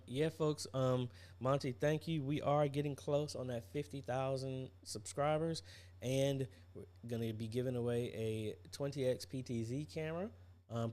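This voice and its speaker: A man's voice: medium pitch, darkish tone. A tired man hosting a casual live stream, chatting and greeting viewers by name with lots of fillers. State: tired, yawning. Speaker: livestream host. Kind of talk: casual livestream chat.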